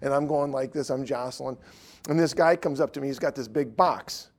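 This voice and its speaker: A middle-aged man, an evangelist, preaching through lively anecdotes and acting out the dialogue. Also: mid-range voice, normal speed. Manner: lively storytelling, acts out dialogue.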